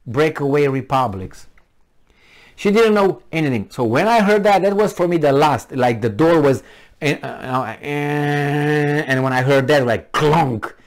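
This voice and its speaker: A man vlogging in a casual, rambling way, sarcastic and mocking, a little tipsy from wine. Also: mid-range voice. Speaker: political vlogger.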